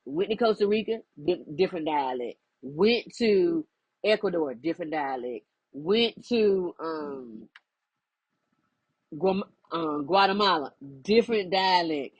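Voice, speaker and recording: A woman's voice: on the low side, breathy edge, dry recording, poor audio. Emphatic preachy woman coach, dry close sound. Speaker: spiritual life coach. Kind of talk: direct-to-camera monologue.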